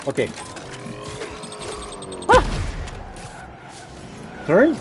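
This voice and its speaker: Man, high voice, gameplay commentary, rambling, excitable, faint music behind. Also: moderate pace. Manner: rambling, excitable, restarts sentences often. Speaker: gaming channel host.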